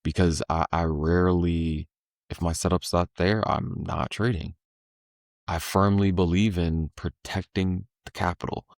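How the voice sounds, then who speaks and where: A man's voice: deep voice, unhurried, vocal fry, no room sound, clean studio sound. A man talking casually as a podcast guest, telling stories in a laid-back, slangy way. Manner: laid-back slangy storytelling, animated when voicing the market.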